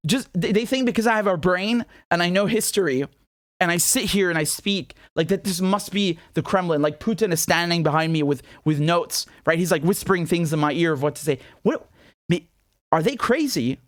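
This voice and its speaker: A man's voice: sits high, a little fast, dry recording, clean studio sound. A man from Britain hosting his own commentary show, speaking in an incredulous, sarcastic manner with many repeated rhetorical questions. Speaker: independent journalist and show host. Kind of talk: commentary monologue to camera.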